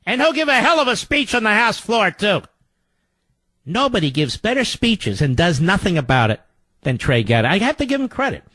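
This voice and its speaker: An older man hosting a radio talk show, delivering a sarcastic political monologue with mocking, theatrical swings between loud jabs and low mutters. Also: big pitch swings, a little fast, no room sound.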